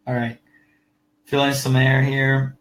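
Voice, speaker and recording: A man's voice: medium pitch, flat delivery, slow pace, fairly bright tone, low-quality recording. A man co-hosting a podcast in loose casual chat, laughing easily and swearing freely, speaking English as a second language. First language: not English. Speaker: podcast co-host.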